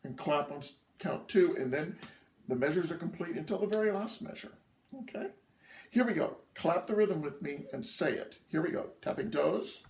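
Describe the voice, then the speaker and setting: A man teaching a drum lesson, patiently explaining rhythms and counting them out loud. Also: fairly high pitch, lively intonation, moderate pace, very noisy. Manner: patient, counts rhythms aloud, checks in with "okay?". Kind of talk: instructional lesson. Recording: echoey room, voice from a distance.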